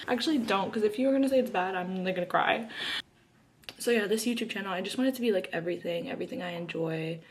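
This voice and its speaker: A woman's voice: mid-range voice, fast. A woman, chatting casually to camera about herself while doing her makeup. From Arizona, USA. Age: early 20s. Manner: chatty and bubbly, heavy use of "like" fillers. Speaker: YouTuber.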